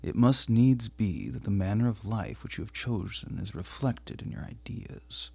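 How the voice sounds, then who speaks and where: A man's voice: fairly low pitch, normal speed, creaky, dark tone, slightly rough, no room sound. A man reading the part of a cold, contemptuous middle-aged husband in an audiobook, with a formal, clipped, emphatic delivery.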